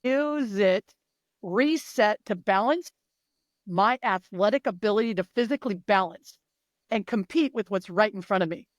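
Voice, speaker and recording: At a moderate pace and in a mid-range voice, this performance coach gives an interview full of emphasis, profanity, and impressions of the athletes she trains. The audio is studio quality with no echo.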